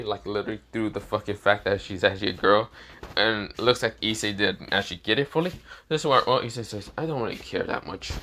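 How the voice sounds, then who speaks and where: A man's voice: lowish voice, fairly bright tone, a little hiss or hum. Rambling, casual male fan storyteller. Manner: rambling, filler-heavy, profane.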